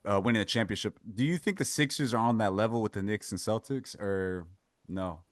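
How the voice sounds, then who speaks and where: A man hosts a casual sports podcast, pushing back on points, steering the talk and drawing others into the discussion. He speaks briskly in a lowish voice, recorded in studio quality with no echo.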